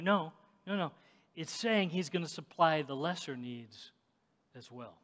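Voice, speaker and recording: A man preaching a sermon, speaking emphatically and directly to the congregation and rising to shouts at times. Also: sits high. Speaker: pastor. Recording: long echoing reverb of a large hall.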